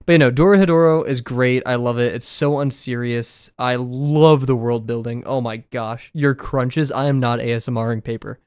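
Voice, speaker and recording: This art livestreamer chats casually and self-deprecatingly as he draws, using a desk mic and no camera. His mid-range voice is steady, darkish and clean despite being slightly scratchy today, at a moderate pace with hardly any pauses. The studio-quality recording has no room sound.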